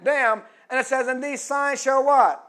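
A middle-aged man delivers a sermon in a very high voice at normal speed with a level tone. He prompts the congregation to complete his phrases, swinging between quiet teaching and loud, emphatic preaching.

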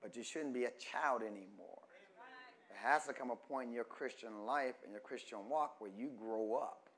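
A man pastor preaching a call-and-response sermon, asking the congregation questions and stretching key words slowly for emphasis. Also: mid-range voice. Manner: rises from quiet teaching to loud emphatic preaching.

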